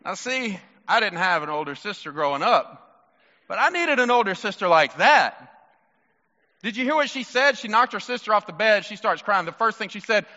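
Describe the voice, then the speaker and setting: Male preacher, animated and joking with the crowd, slightly dull hall sound. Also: high-pitched, normal speed. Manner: animated, playful, talks to the crowd. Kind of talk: sermon.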